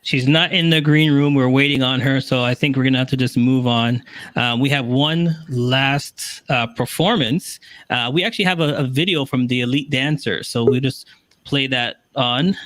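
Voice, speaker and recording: A man's voice: mid-range voice, normal speed, a bit bright, no echo. A man hosting a live online show who hurries to manage the running order. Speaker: show host.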